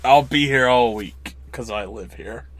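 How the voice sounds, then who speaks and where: A man co-hosting a casual podcast, cracking deadpan quips. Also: medium pitch, measured pace, a little hiss or hum. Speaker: podcast co-host. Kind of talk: casual chat.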